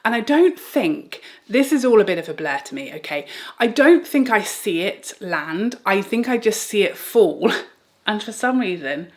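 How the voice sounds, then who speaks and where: Animated young woman telling a story. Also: mid-range voice, moderate pace. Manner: animated, dramatic, laughs while telling. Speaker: vlogger. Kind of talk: storytelling chat.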